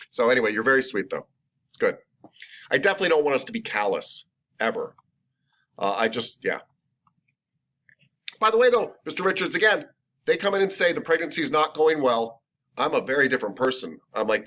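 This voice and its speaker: A man teaching a massage therapy class in a chatty, animated, jokey way. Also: medium pitch, a little fast, long pauses. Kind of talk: classroom lecture. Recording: lo-fi recorded lecture.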